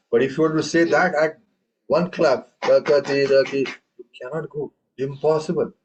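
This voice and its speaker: A male teacher leads a tabla lesson at a medium pitch, chanting rhythm syllables aloud. He stops often to quiz his students. The recording is dull and lo-fi. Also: normal speed, darkish tone. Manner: recites rhythm syllables aloud and quizzes the class. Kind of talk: classroom lesson.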